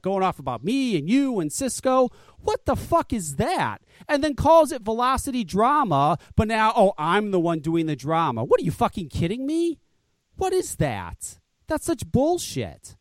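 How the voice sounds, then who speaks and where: Heated high-voiced man ranting. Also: no room sound. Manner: angry, profane, emphatic ranting. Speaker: podcast co-host. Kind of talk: heated podcast rant.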